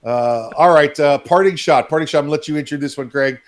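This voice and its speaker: A man's voice: on the high side, quick pace. A man hosting a podcast in casual chat, joking and laughing often. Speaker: podcast host.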